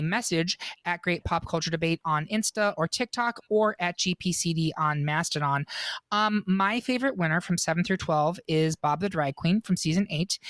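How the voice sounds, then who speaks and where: A man hosting a casual podcast, his voice light and high-sounding, with a playful, storytelling manner. The sound is dry and close, with no room around it. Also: fairly bright tone, clean tone, no echo. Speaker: podcast host.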